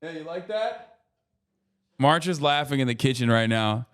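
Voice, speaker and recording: A man's voice: medium pitch, expressive, moderate pace, clean tone. A man in his thirties streaming a casual reaction commentary, rambling and swearing freely with joking asides.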